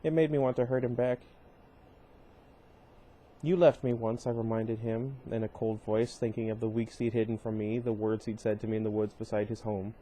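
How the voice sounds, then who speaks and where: A man's voice: lowish voice, little pitch movement, brisk, hardly any pauses, warm tone. A man reading a novel aloud, stumbling now and then and breaking off for wry asides. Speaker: reader.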